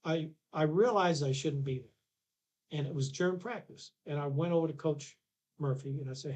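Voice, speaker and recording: A man's voice: fairly high pitch, moderate pace, a little mellow. A man, a podcast guest telling a long anecdote with restarts and acted-out dialogue. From Canada. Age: 60s. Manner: rambling anecdotes with restarts, acts out quoted dialogue. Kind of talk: casual storytelling.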